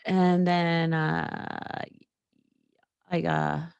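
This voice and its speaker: A woman's voice: low voice, level tone, extremely slow, gravelly, a little mellow, clear, resonant tone, no echo, dull audio. A young woman hosting a solo podcast, talking candidly and rambling, with frequent laughs and fillers. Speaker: podcast host. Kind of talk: casual solo podcast chat.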